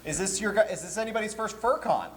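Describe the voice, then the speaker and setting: A man's voice: sits high, fast. A man, a convention's programming director, giving a joking, chatty panel talk to a live audience. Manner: joking, chatty, lively with laughs. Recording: hall reverb, faint room noise.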